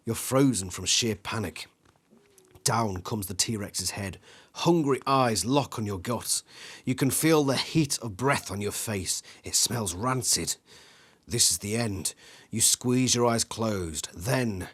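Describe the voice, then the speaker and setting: A man's voice: mid-range voice, slow, fairly bright tone. A man reading an interactive adventure book aloud with drama, acting out sound effects and screams, stopping now and then to think aloud about which choice to make. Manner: acts out sound effects and screams, some slips. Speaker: channel host reading a gamebook aloud.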